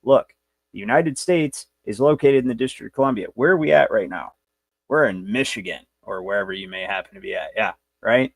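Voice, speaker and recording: A man's voice: on the low side, a little fast, vocal fry, no room sound. A man hosting a livestream, lecturing in a brash, rambling, profane way. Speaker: show host.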